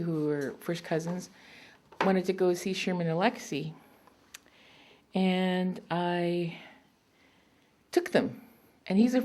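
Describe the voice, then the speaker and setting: A woman's voice: on the low side, darkish tone. A woman poet at a public reading, telling rambling personal stories between poems and laughing often. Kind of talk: storytelling talk between poems.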